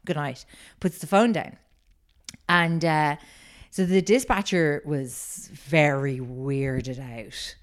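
Smooth low-voiced woman telling a story. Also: slow. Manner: rambling storyteller, many fillers. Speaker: podcast co-host telling the story. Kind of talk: casual chat.

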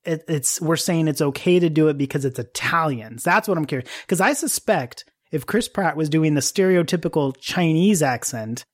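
A podcast host thinking out loud in a casual discussion, raising questions at length. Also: medium pitch, expressive, moderate pace, few pauses. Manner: musing, questioning, long-winded.

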